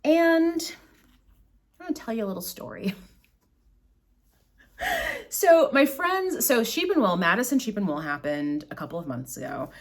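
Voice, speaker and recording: At home in front of bags of yarn, a middle-aged woman hosts her own podcast with a mid-range voice that swings widely in pitch. She talks at a normal speed with frequent pauses, rambling through stories in a casual, self-deprecating chat.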